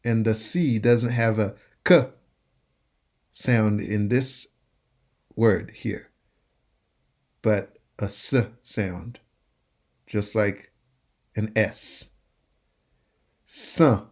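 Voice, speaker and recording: A man teaching pronunciation, repeating each word slowly and spelling out letters. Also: on the low side, a little mellow. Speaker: French teacher. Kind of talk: slow pronunciation lesson.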